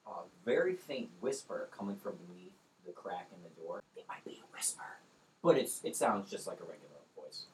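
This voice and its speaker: A man's voice: low-pitched, very animated, a little fast, rough recording. A man running a tabletop game as game master, narrating casually with lots of fillers and laughs. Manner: casual, rambling, laughs easily.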